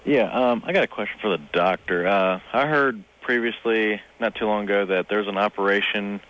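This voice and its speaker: A man's voice: on the low side, normal speed, a bit bright. An eighteen-year-old man calling into a radio show, asking a question hesitantly with many fillers. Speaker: caller. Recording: muffled phone-line caller audio.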